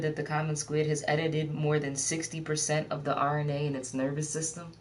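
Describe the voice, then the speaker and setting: A woman with a very low, flat voice reads out science facts in a casual chat. Her delivery stays even and level throughout. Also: normal speed, a little hiss or hum.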